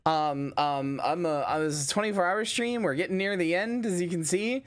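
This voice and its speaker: A man's voice: high-pitched, moderate pace. Tired, rambling male streamer. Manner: rambling, stumbling restarts, playful. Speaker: livestreamer. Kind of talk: casual gameplay commentary.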